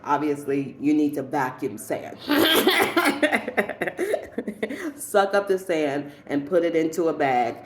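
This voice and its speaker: Slow, animated woman doing comedic rambling. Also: low-pitched, slight background noise. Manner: rambling storyteller who laughs often at her own jokes. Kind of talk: comedic monologue.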